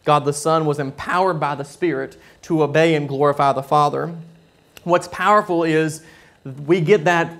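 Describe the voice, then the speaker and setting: A man preaching a sermon, telling a story with frequent halting restarts and repeated words. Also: fairly high pitch, vocal fry. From southern United States.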